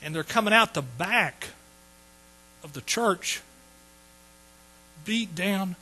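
A man's voice: sits high, lively intonation, slow, bright, forceful tone, slightly rough, low-quality recording. A man in his sixties telling his conversion story in a folksy sermon, repeating phrases for emphasis. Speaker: preacher. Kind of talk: sermon testimony.

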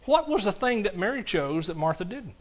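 Man, middle-aged, pastor, folksy animated sermon, fairly high voice, muffled lo-fi recording. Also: brisk. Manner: folksy, animated preaching with laughs and asides to the congregation.

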